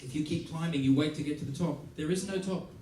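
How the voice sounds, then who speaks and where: A slightly high-voiced Australian man talks quickly through a masterclass, a musician telling animated stories to an audience. He imitates what people said and laughs often, and the large theater hall adds echo, placing his voice far away.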